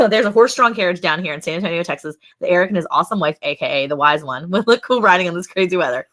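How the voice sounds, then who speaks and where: A woman's voice: lowish voice, lively intonation, fast, a bit bright. A woman in her thirties hosting a casual ranch livestream, chatty and laughing often as she greets viewers by name. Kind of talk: casual live-stream chat.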